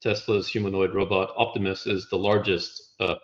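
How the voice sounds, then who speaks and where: Low-voiced man explaining slides, lo-fi. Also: flat delivery, moderate pace. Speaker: guest presenting slides. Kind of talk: casual conversational explanation.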